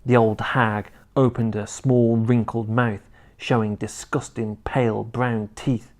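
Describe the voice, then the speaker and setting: A man reading a children's book aloud in an expressive storytelling manner. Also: medium pitch, slow pace.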